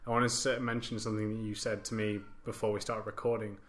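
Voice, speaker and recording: A man's voice: lowish voice, flat delivery, fast talker, fairly bright tone. A man hosting a casual podcast discussion, chatty and informal with a self-deprecating touch. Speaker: podcast host.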